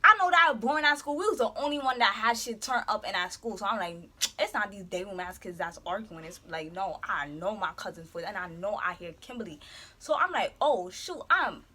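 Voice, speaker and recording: A young woman telling a story in blunt, casual chat with a friend, dropping low for emphasis. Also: animated, brisk, sharp tone. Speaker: guest friend.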